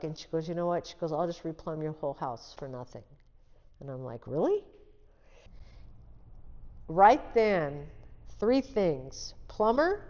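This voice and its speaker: A woman's voice: on the low side, a little mellow, in a large hall, lo-fi sound. An older woman, an interview guest, telling her life story and acting out the dialogue in it as she talks. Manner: vivid storyteller who acts out quoted dialogue; restarts and trails off mid-sentence.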